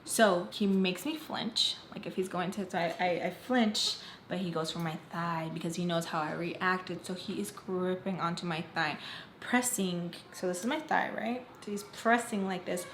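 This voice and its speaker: A woman's voice: on the low side, normal speed, fairly bright tone. A woman telling a storytime on her vlog, emphatic and candid, swearing bluntly as she recounts events. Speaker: vlogger. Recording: roomy echo, faint background noise.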